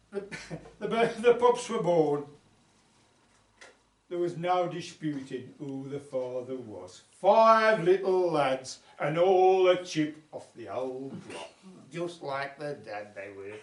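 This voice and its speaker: A man voicing a boastful, womanising male sheepdog who chats on as he tells his life story, recorded at a folk club. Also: fairly high pitch. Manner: chatty yarn-spinning, bragging. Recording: roomy club sound from far off.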